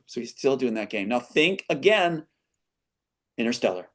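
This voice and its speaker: A man reads his own screenplay aloud as an interview guest, pausing for earnest asides. His voice sits at an ordinary middle pitch. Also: sing-song, fairly bright tone. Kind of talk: reading and commenting on his screenplay.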